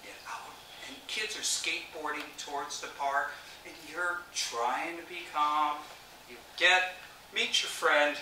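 Man, keynote storyteller, stammers and restarts, somewhat high voice, booming echo of a large library hall. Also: unhurried, slight background noise. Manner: animated, acts out quoted voices, stammers and restarts. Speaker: keynote speaker. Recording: echoey hall from far off.

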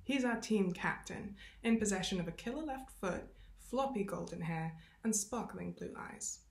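A woman's voice: medium pitch, lively intonation, normal speed, gravelly. A woman reading a novel aloud expressively, with self-aware asides. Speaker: reader. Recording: roomy echo.

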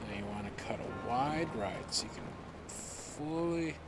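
A man's voice: fairly low pitch, brisk, very noisy. A man giving goofy, chatty let's-play commentary, self-deprecating and often dropping to a mutter. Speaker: gaming YouTuber.

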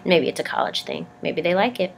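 A woman's voice: lowish voice, huge pitch swings, a little fast, vocal fry, a little hiss or hum. A young woman vlogging casually with a sick, congested voice, rambling and stammering, poking fun at herself. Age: young adult. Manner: rambling, self-deprecating, stammers. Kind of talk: casual vlog chat.

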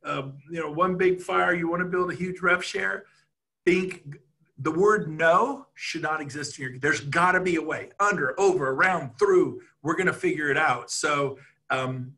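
A middle-aged man giving an excitable, rambling sales pitch over a video call, laughing at himself as he goes. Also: normal speed. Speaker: real estate team leader.

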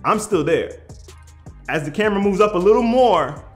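A man telling a funny personal story in casual slang, animated and prone to shouting out the lines he quotes. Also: high-pitched, normal speed, faint music behind. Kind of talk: comedic storytelling.

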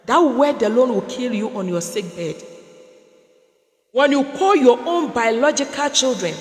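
A woman prophetess preaching a sermon, building through repeated phrases and acted-out dialogue. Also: high-pitched. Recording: echoey hall with long reverb.

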